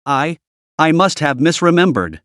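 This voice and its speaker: A man's voice: fairly high pitch, big pitch swings, moderate pace, fairly bright tone, no echo, clean studio sound. A man voicing a cold, stubborn young woman student who answers curtly and defiantly.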